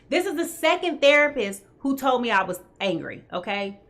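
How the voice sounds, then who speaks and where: A woman's voice: sits high, sing-song, brisk, hardly any pauses, fairly bright tone. A woman hosting a live tarot reading who talks straight to her viewers and keeps checking in with "okay?". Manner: talks straight to viewers, greets them by name. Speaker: tarot reader host.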